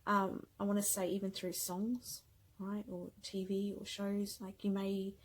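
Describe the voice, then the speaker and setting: A woman giving a pick-a-card tarot reading, speaking gently and affectionately, getting emotional and often checking in with "okay?". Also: mid-range voice, flat delivery, unhurried, low-quality recording.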